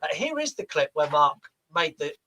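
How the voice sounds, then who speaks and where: A man's voice: a little high, very animated, normal speed, background noise. A male podcast co-host introducing clips in casual chat, dry and matter-of-fact.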